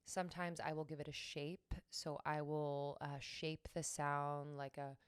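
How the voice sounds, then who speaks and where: A young woman hosting a solo wellness podcast, slow and soothing at times and then brisk and emphatic. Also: deep voice, little pitch movement, smooth, dry recording, clean studio sound. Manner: slow, soothing guidance with hums and sung tones; breaks into brisk, emphatic pep-talk bursts. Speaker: podcast host.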